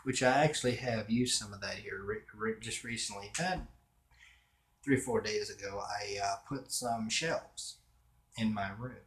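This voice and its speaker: A man's voice: on the low side, normal speed, fairly bright tone, slight background noise. A man chatting casually in his own room, rambling with fillers and restarts as a vlogger. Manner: meandering, with many fillers and restarts. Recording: roomy echo.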